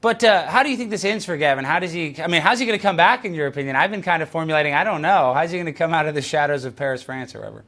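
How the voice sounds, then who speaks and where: A man's voice: a little high, very fast, few pauses. A man hosting an interview show, talking casually and playfully, laughing often. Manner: playful, laughing, jumps up in excitement. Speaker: show host.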